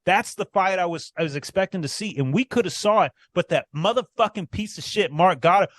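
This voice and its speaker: A man ranting on a podcast mic in casual chat, profane and heated, with sudden loud outbursts. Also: sits high, fairly quick, hardly any pauses, no room sound, studio quality. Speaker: podcast co-host.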